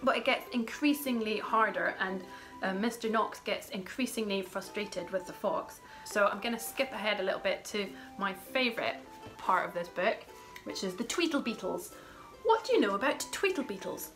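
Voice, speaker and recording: A woman's voice: medium pitch, expressive, normal speed, rough recording. A woman in her thirties, a children's book blogger, chatting casually about favourite rhyming books and reading bits aloud with playful emphasis, with music playing over her voice.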